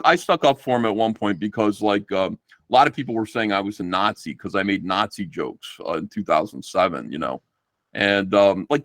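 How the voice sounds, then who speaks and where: A middle-aged man rambles through a story with plenty of swearing. His pitch swings widely as he talks. The sound is dry and close, with almost no room. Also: no room sound. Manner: rambling, profane, animated storytelling. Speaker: guest comic book artist. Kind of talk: casual livestream chat.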